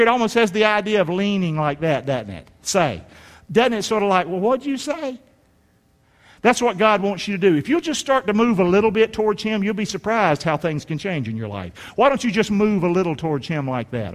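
A middle-aged male pastor preaching a sermon in a folksy way, rising to shouts and dropping to near-whispers. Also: high-pitched. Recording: long hall reverb.

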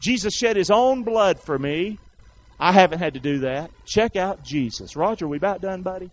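A man pastor preaching a sermon, calling out questions for the congregation to answer and rising to shouts. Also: high voice, lively intonation, normal speed, highs cut off.

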